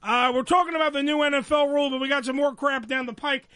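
A man's voice: extremely high pitch, fairly even intonation, quick pace, pushed and bright, no room sound. A man hosting a talk radio show, bantering in a brash, profane way and taking calls.

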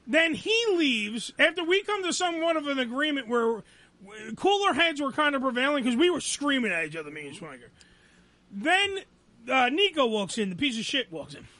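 A man hosting a radio show, telling an angry, profane story about being fired, loud and repetitive. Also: extremely high pitch, sing-song, moderate pace, no room sound. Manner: angry, loud, swearing, repeats himself.

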